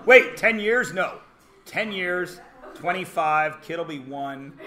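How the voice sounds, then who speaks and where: A man in his forties teaching a high school math class, joking with the students between problems and sometimes bursting into shouts. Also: animated, takes it slowly. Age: 40s. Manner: wisecracking, theatrical asides and bursts of shouting.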